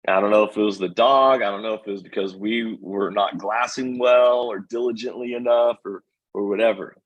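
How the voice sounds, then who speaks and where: A man, a podcast guest, telling an animated hunting story and acting out the voices of the people in it. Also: on the low side, fairly quick, muffled recording.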